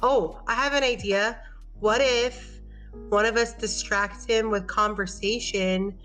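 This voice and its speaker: A woman's voice: medium pitch, fairly even intonation, slow pace, a bit bright, soft background music, rough recording. A woman playing in a tabletop game, chatting eagerly. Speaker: player. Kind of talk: casual tabletop role-play.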